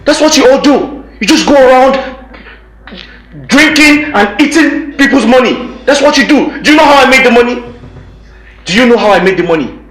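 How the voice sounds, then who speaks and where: Hectoring man who keeps repeating himself, nigerian accent, high bright voice, roomy echo. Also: expressive, very fast. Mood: scolding. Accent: Nigerian English. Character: stingy home owner scolding a guest. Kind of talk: film drama acting. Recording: echoey room.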